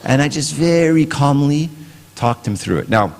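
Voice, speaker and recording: A man's voice: fairly high pitch, animated, normal speed, a little mellow. A middle-aged man giving a casual parenting talk at church, conversational, often asking "right?". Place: church hall. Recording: long hall reverb.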